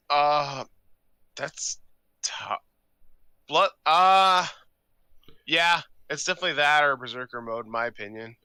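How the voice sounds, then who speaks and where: A man's voice: fairly high pitch, slow pace, long pauses, sharp tone, smooth, no room sound. A man co-hosting a casual album review chat, swearing freely and saying "like" a lot.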